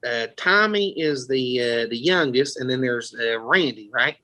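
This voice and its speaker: Rambling man, animated storyteller. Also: medium pitch, unhurried, poor audio. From Florida, US. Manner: rambling, profane, laughing storyteller. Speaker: podcast host. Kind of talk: casual storytelling chat.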